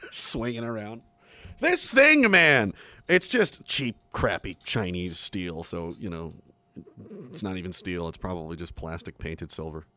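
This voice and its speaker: A man's voice: deep voice, very animated, a little slow, sharp tone, no echo. Rambling, profane male streamer. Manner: rambling, profane, self-mocking. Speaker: live streamer. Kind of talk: casual stream chat. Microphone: close studio mic on an arm.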